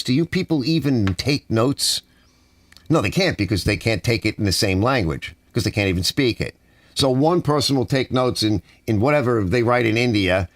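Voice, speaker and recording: Man, from the US, ranting, exasperated, lively swings in pitch, dry studio sound. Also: no echo. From United States. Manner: exasperated, animated complaining with softened swearing. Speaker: channel host. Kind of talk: ranting casual monologue. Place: home garage studio.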